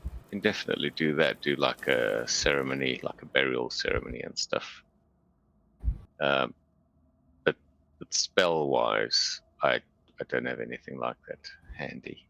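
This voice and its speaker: A man in a tabletop game session talks casually with his group, restarting sentences as he explains the rules. His voice is extremely low with heavy gravel, yet bright on top. It is recorded dry and close. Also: measured pace, dry recording. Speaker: player. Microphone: USB microphone on a voice call.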